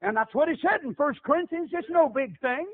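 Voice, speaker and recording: In tinny, phone-like lo-fi audio, a middle-aged man delivers a sermon with an emphatic, repetitive cadence. His very high voice is expressive and brisk.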